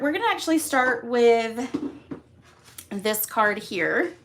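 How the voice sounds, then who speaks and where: A woman with a slightly high voice talks her viewers through a craft project in a casual live stream. She is chatty and upbeat, and she fills her sentences with ums and little laughs. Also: a bit bright. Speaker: craft demonstrator hosting a live class. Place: home craft room.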